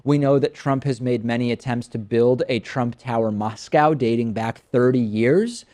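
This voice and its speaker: A man's voice: medium pitch, moderate pace, mellow. A man in his thirties delivers scripted political commentary in a mid-range voice. He reads quotes aloud with a mocking, sarcastic bite. His delivery is that of a show host working through a prepared rundown.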